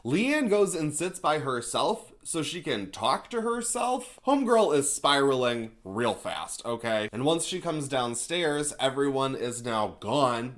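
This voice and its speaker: Chatty, sarcastic man recapping a show. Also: medium pitch. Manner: chatty, profane and sarcastic, laughing as he retells scenes. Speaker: TV recap reviewer. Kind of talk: casual episode recap.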